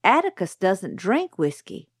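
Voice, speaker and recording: A woman's voice: medium pitch, huge pitch swings, measured pace, husky, dry recording, studio quality, heavily acted. A woman voicing an outspoken young tomboy girl who asks eager, indignant questions.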